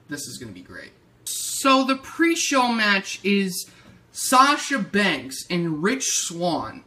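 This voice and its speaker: Male vlog host, slightly high pitch, sharp bright tone, swears a lot and rants excitedly. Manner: profane, excitable ranting. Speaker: wrestling YouTuber host. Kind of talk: casual prediction vlog rant.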